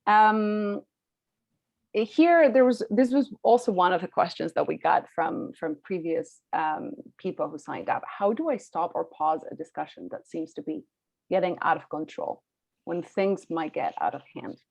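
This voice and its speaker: A woman's voice: lowish voice, a little slow, vocal fry, darkish tone, no room sound. A woman co-hosting a live online webinar, talking in a conversational way with some restarts. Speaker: webinar co-host. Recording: dull, dry video call audio.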